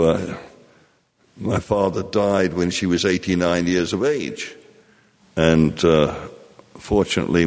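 An older man from England telling a personal story to an audience, in a slow, reflective way with many fillers. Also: deep voice, a little mellow, in a large hall.

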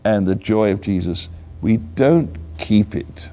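An older man preaching a sermon slowly and earnestly, repeating his key phrases. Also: fairly low pitch, warm tone. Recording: dull lo-fi recording.

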